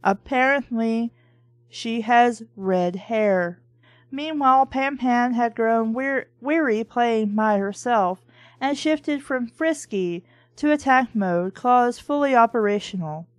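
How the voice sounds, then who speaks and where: A woman's voice: fairly high pitch, slow pace, dry recording. Sarcastic, profane woman mocking a book. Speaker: book reviewer and reader. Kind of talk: sarcastic comedic read-along commentary.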